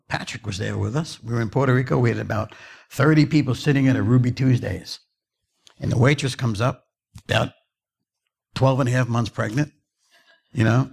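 Gravelly, husky New preacher. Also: male voice, mid-range voice, darkish tone. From New Jersey. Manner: storytelling, rising to fervent emphasis. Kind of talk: sermon.

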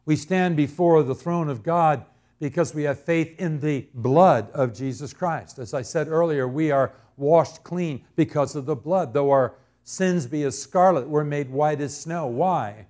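Man preaching slowly with emphasis. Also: a little high, a little mellow. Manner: slow, emphatic preaching with dramatic repetition. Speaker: pastor. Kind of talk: sermon.

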